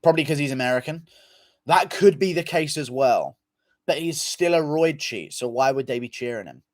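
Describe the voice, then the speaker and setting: A man's voice: on the high side, lively intonation, moderate pace, no room sound. Offhand, swearing man in a dry room. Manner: profane, loose and offhand. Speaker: livestream host. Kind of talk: casual chat reading viewer comments.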